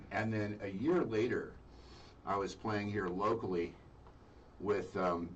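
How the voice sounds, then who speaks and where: Low-voiced man telling a lively story. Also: takes it slowly, highs cut off. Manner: animated storyteller acting out quoted voices. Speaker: radio show host. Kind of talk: storytelling in casual chat. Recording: distant mic with faint noise.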